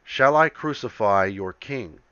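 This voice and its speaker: A man reading the lines of an uneasy, insistent male Roman governor in a measured, questioning way. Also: on the low side, animated, sharp tone, clean tone, no room sound, muffled recording.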